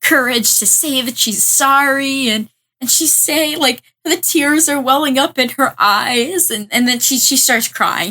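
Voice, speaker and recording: A woman co-hosting a casual anime podcast, eagerly retelling scenes with many "like"s and quick restarts. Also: high voice. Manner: lively storytelling with repeated "like" and restarts. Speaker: podcast co-host. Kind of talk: casual anime recap chat.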